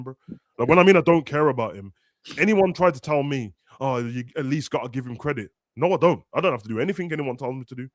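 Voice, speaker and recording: A man's voice: on the high side, fairly bright tone, no room sound. A young man, chatting casually and ranting animatedly as a football podcast host. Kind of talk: casual chat.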